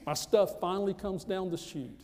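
A man from the United States, pitched a little high for a man, preaching a personal testimony with emphatic, repetitive storytelling. His voice rings out in a hall with a long, lingering reverb. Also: normal speed, a little mellow. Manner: emphatic, repeats phrases for effect. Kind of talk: storytelling sermon.

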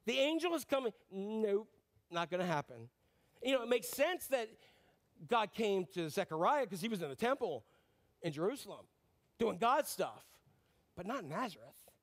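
A middle-aged man delivers a sermon with a strikingly high voice. He tells the story in a lively, joking way and acts out the people in it. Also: moderate pace, pauses often. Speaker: pastor.

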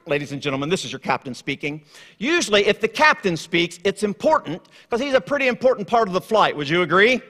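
A man preaching a sermon in a church, telling stories and moving from hushed tones to lively asides. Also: sits high. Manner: storytelling, swings from hushed to lively. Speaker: guest preacher. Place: church sanctuary. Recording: long hall reverb.

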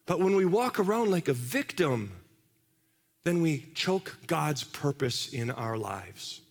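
Conversational preacher, slightly high voice. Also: male voice, big pitch swings, slow. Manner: conversational, asks the congregation questions. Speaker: pastor. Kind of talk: sermon. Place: large church hall. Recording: long hall reverb.

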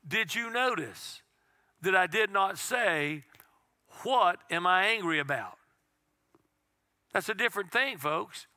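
A pastor preaches in a folksy, conversational way, leaning on rhetorical questions. His voice sits high and rings sharp and bright. The sound is close and dry, with hardly any room around it. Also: no room sound. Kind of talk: sermon. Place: church sanctuary.

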